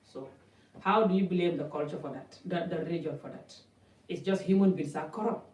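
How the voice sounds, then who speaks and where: A woman's voice: on the low side, a little fast, a little mellow. Woman vlogger, blunt and impassioned, rambling talk to camera, set back from the mic. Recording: echoey room, mic at a distance.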